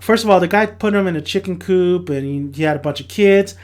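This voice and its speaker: A chatty young man talks through his thoughts on a TV episode in a loose, rambling way. His voice sits high for a man, and he often stops to restart or fix a word before pressing on. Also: brisk. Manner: chatty, rambling, self-correcting. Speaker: TV review vlogger. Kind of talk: casual spoken review.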